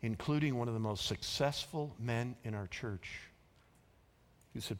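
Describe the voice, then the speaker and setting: A man preaching a sermon as pastor, with dramatic pauses and dropping to a hushed whisper for emotional quotes. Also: medium pitch. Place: church auditorium. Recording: long reverb of a large auditorium.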